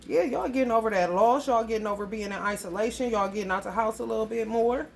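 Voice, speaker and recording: Brief: woman, higher-pitched voice, blunt and foul-mouthed, loose rambling delivery, casual reading to her viewers. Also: fast, creaky, a little hiss or hum. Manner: blunt and heavily profane. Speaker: astrology reading vlogger.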